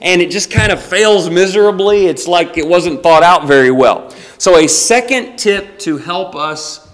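A man preaching a sermon at a church meeting, emphatic, slowing to stress key words and rising with urgency. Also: high voice, a bit bright, in a large hall. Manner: emphatic, shifts between urgent and slow deliberate phrasing. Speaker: visiting preacher.

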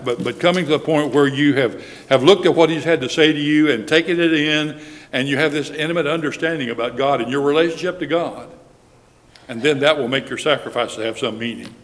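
A man preaching a Sunday sermon, with a measured delivery that slows down when he reads scripture aloud. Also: medium pitch. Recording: reverberant hall.

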